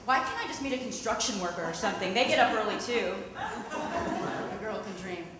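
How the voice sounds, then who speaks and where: A woman's voice: fairly high pitch, sing-song, normal speed. Wry woman comic in an echoey club. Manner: wry, self-mocking punchlines. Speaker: stand-up comedian, former TV news anchor. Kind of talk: stand-up comedy routine. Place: comedy club stage with live audience. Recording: echoey hall with loud background noise.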